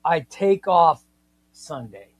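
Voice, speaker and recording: Excitable man, rambling. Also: on the high side, slow pace. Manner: excitable, rambling, repeats himself. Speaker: comics livestream host. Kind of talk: casual live-stream chat.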